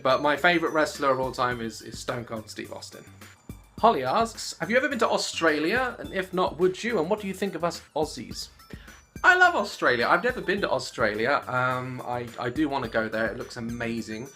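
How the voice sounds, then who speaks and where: A young man in his late twenties chats to camera with a bright, forceful voice, laughing often and bouncing between jokes. Soft music plays quietly underneath him. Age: 20s. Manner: giggly and animated, jumping into squeaky voices. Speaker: YouTuber answering fan questions. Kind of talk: casual Q&A vlog.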